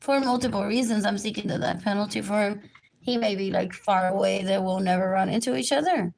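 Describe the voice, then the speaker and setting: A woman's voice: medium pitch, a little fast, vocal fry, a little mellow, slight background noise. A woman rambling through a livestream monologue, drifting between topics and repeating herself.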